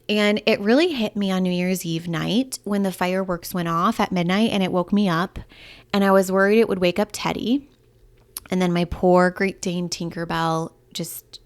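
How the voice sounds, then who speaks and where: A woman in her thirties hosting a solo podcast, chatting in an upbeat, candid way with lots of fillers. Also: medium pitch. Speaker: podcast host and breakup coach. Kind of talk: casual solo podcast talk.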